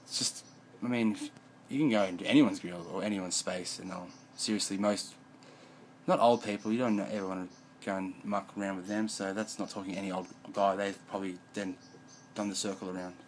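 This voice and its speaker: A man's voice: deep voice, fairly even intonation, fairly quick, slight background noise, poor audio. A man rambling in a profane vlog monologue at home, often mumbling.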